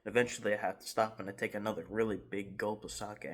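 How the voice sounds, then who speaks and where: A man in his garage telling a rambling, animated story time with laughs and restarts. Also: lowish voice, fast talker. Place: home garage.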